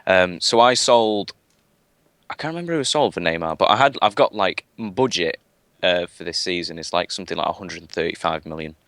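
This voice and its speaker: A man's voice: deep voice, brisk, a bit bright, dry recording. A man chatting casually on a gaming live stream, rambling with lots of fillers and restarts. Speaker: guest gamer.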